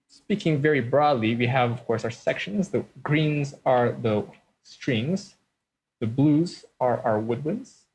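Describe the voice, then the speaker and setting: A man hosts a let's-play with relaxed commentary, explaining each choice step by step. His voice sits at a middle pitch. A faint background hiss sits under his voice. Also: rough recording. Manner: explanatory, walks through design choices step by step. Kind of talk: casual game commentary.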